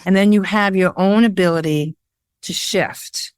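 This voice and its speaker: A woman photographer being interviewed, talking in a rambling, animated storytelling way with lots of fillers. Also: medium pitch, measured pace, clear, resonant tone, dry recording, studio quality. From Worcester, Massachusetts area. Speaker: guest, photographer. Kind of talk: casual interview chat.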